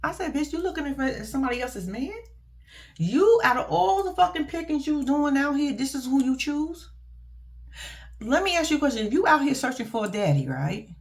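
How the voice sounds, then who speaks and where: A woman giving a casual, profane and animated reaction vlog about a reality TV show, speaking. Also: sits high, normal speed. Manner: blunt, profane, animated and laughing. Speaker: reality TV commentator.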